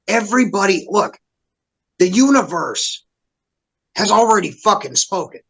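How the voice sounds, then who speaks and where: A man in casual podcast chat who talks fast and bluntly, swearing a lot. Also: high-pitched, animated, creaky, fairly bright tone, husky, rough recording.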